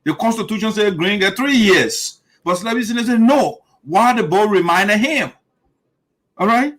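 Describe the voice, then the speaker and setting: A man's voice: high voice, animated, moderate pace, a bit bright, rough recording. A man hosting heated political commentary, emphatic and repetitive, often mimicking his opponents' lines. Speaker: show host.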